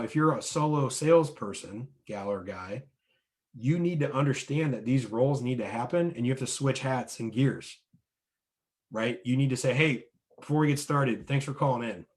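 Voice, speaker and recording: A man's voice: medium pitch, a little mellow. Man coaching business owners on sales. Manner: coaching, often ends points with "right?"; explains with numbered steps and analogies. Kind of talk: instructional talk to business owners.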